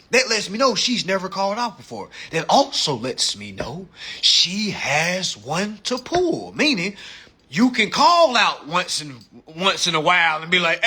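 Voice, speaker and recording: Husky high-voiced guy cussing up a storm about jobs, aave, jumps from mumbling to yelling. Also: moderate pace. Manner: animated, swings between low mutters and loud outbursts; heavy cursing, acts out quoted voices. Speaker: social media live streamer. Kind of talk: profane motivational rant.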